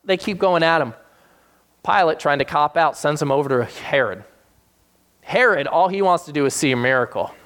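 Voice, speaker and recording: A man preaching a sermon, retelling scripture with animated acted-out voices for the people in the story. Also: fairly quick. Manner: animated, acts out quoted characters with sudden high-pitched voices. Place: South Jersey church.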